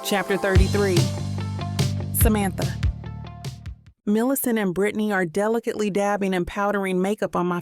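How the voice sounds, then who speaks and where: A woman narrating a first-person romance audiobook in a measured, even way. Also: medium pitch, no room sound.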